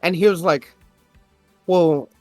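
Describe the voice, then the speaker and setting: A man's voice: a little high, lively intonation, a little slow, no room sound, faint music behind. A man on a podcast, casually telling a story, swearing often and getting worked up as he retells an argument. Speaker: podcast host. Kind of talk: casual chat.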